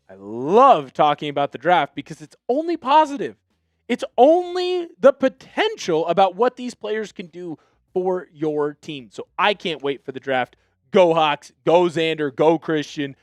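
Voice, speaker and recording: A young man hosting a live sports show, hyped and energetic, shouting out viewers by name. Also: sits high, no room sound. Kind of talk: live-stream sports chat.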